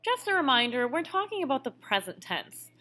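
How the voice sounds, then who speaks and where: A woman's voice: sits high, sing-song, brisk, bright, forceful tone, faint music behind. A woman teaching a recorded language lesson who explains each step patiently. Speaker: Spanish teacher.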